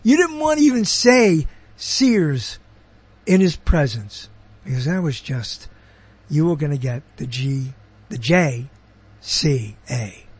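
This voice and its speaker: A man's voice: a little high, big pitch swings, slow pace, breathy edge. A man hosting a show, talking in a rambling, chatty monologue that keeps breaking off into asides. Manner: digressive, chatty, self-interrupting. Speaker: show host.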